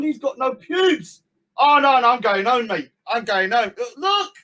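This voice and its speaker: Loud mocking man with a high voice. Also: lively intonation, measured pace. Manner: loud, mocking, swings between shouting and muttering. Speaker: live-stream host. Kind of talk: ranting live-stream commentary.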